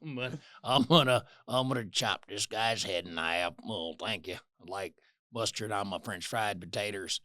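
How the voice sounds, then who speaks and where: A slow, deep, drawling backwoods man, quietly menacing and odd, as a podcast host puts him on. The voice sits well below his usual pitch and drags each word out. Close, dry sound with no room. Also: dry recording.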